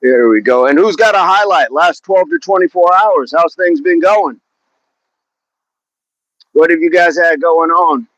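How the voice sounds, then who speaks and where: A man's voice: a little high, unhurried, long pauses, a bit bright, lo-fi sound. A man coaching a fitness live stream outdoors in a park, chatting casually, upbeat, greeting viewers by name and repeating words. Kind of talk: casual live-stream chat while warming up.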